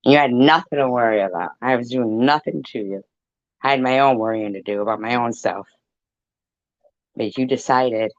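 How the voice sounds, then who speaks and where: A man delivering a profane, taunting rant straight to the camera, slow and deliberate. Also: mid-range voice, no echo, muffled recording.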